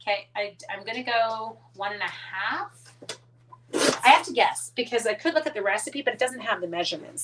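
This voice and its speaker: With lively intonation and a medium-pitched, somewhat bright voice, this Canadian card-making demonstrator speaks at a moderate pace over slight background noise. She chats casually through her live-stream demo, rambling, muttering asides, and talking to her dogs.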